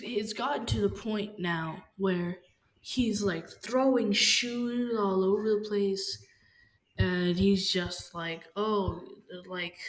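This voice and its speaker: A woman casually telling a story, halting and rambling with lots of fillers and restarts. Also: medium pitch, darkish tone. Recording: faint background noise.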